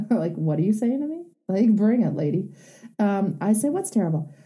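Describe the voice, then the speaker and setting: A woman's voice: medium pitch, sing-song, moderate pace, dark tone. A woman talking frankly and emphatically as a host, telling a personal story and giving advice.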